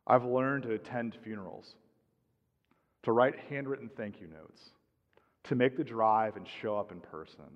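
A middle-aged man preaching a sermon as pastor, calm and measured, letting his phrase ends drop softly. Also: fairly low pitch. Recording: dull sound with long hall reverb.

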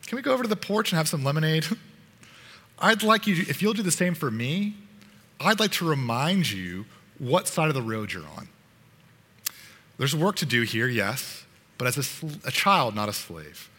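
A man voicing Paul, an older child who gently reassures a struggling younger one. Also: a little high, big pitch swings, moderate pace, pauses often, slightly rough, big-room sound, heavily acted. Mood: reassuring.

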